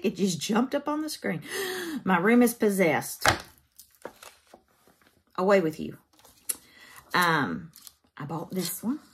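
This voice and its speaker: A woman's voice: mid-range voice, a little hiss or hum. A woman, chatting casually to camera as a craft vlogger in her home craft room, folksy and emotional.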